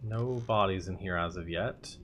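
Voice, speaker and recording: A man's voice: low voice, normal speed, fairly bright tone, a little hiss or hum. A man streaming a video game, thinking aloud and musing in casual commentary.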